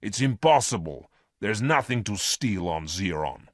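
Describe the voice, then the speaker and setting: A man's voice: fairly low pitch, big pitch swings, a little slow, no echo, studio quality. A man voicing a ruthless male space criminal leader in a storybook reading, with a hard, scheming manner. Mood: harsh.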